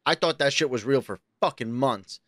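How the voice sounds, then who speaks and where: A man from New York co-hosts a casual podcast chat, telling rambling stories full of swearing. His voice sits in an ordinary middle range and leaps up high whenever he acts out his own panic. The sound is dry and close, with no room in it. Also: normal speed, no echo. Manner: animated, profane, jumps into high excited voices when quoting himself. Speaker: podcast co-host.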